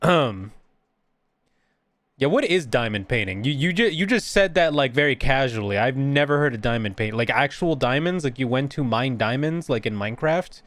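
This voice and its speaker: A man's voice: mid-range voice, lively intonation, a little fast, hardly any pauses, a bit bright, dry recording. A man chatting casually and rambling with frequent giggles as he streams his drawing. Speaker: art streamer and VTuber. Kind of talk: casual live-stream chat.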